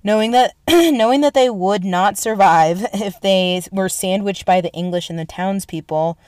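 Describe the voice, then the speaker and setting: A young adult woman retelling history in a casual, excitable way, swearing often and saying "like" and "right?" a lot. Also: mid-range voice, normal speed, smooth, no echo, clean studio sound. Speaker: storyteller.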